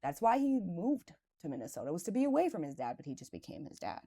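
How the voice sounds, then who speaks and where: Low, mellow-voiced woman telling a candid story. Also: big pitch swings, quick pace, slightly rough. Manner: casual and conversational, with frequent "like" and "right". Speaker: podcast host. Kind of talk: personal reflective monologue.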